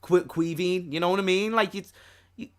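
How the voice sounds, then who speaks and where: A young man with a Scouse accent co-hosting a casual football podcast, animated and quick to laugh. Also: high-pitched, smooth. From Liverpool. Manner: laughing, animated, slangy banter. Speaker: podcast co-host.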